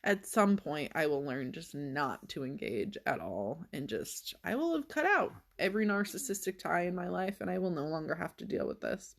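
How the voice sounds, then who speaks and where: A woman talks straight to her viewers in a loose, unscripted vlog. Her voice is gravelly with a lot of fry. She tells the story with a sarcastic, exasperated edge. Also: on the low side, sing-song, normal speed, hardly any pauses. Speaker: vlogger. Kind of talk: casual vlog monologue.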